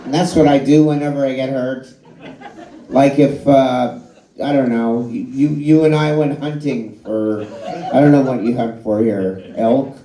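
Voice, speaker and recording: A man doing a stand-up comedy set, telling a story in an animated way and swearing freely. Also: medium pitch, measured pace, background noise. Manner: animated storytelling, swearing, crowd laughing along. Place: live comedy show at a bar and grill. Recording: echoey bar room with a loud crowd. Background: audience laughing.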